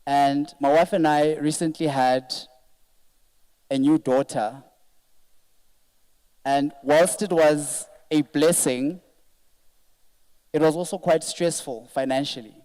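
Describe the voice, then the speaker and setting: A man's voice: medium pitch, unhurried, long pauses, a little mellow, rough recording. A man, the event organizer, giving an earnest and emotional thank-you speech to an audience at a live event. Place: event venue, speaking to an audience.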